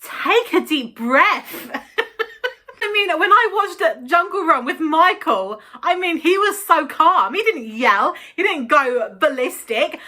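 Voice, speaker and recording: Bright, high-voiced giggly woman vlogger. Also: animated, takes it slowly. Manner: chatty, giggly, many "like"s. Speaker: YouTuber. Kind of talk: casual vlog chat.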